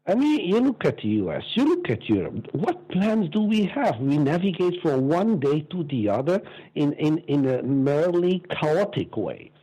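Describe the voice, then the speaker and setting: Interview guest: older man, lively delivery with big pitch swings, slightly husky. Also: normal speed, rough recording. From Belgium. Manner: lively, acts out quoted voices, laughs often. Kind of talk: animated anecdotal storytelling.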